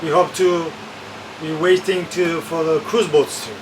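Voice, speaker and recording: A man's voice: on the high side, unhurried. A man who runs a local bar, chatting animatedly in on a village street. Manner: animated, acts out other people's complaints. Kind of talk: casual street conversation. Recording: distant voice over loud street noise.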